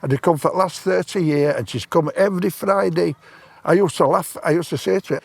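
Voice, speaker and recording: On the high side and a little fast, the voice carries vocal fry with no echo. It belongs to a man in his 70s, a stranger on a park bench outdoors, casually telling a long, rambling personal story in plain words.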